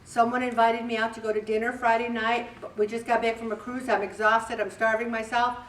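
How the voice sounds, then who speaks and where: A woman's voice: fairly high pitch, level tone, fairly quick, a bit bright. A woman in her seventies leading a group talk, chatty and direct, often acting out little conversations to make her point. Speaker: group leader speaking to a weight loss group. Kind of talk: casual motivational talk. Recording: roomy, distant, faint background hum.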